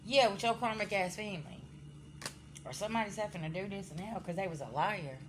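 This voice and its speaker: A woman with a mid-range voice talks a little fast over a noisy background. In her casual spiritual card reading she addresses viewers directly, bluntly scolds and swears freely, and checks in with "okay?" again and again.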